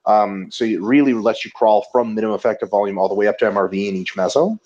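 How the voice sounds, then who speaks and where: A man co-hosting a casual webinar, joking and swearing as he tells animated stories. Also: fairly low pitch, quick pace. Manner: profane, joking, animated storytelling. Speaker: webinar co-host. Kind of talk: casual chat. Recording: dull lo-fi audio.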